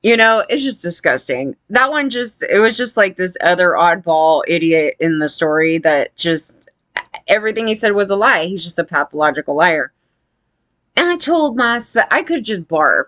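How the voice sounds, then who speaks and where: A woman's voice: lowish voice, expressive, moderate pace, a bit bright, no room sound. A woman giving casual, blunt commentary, rambling with lots of fillers and sounding disgusted.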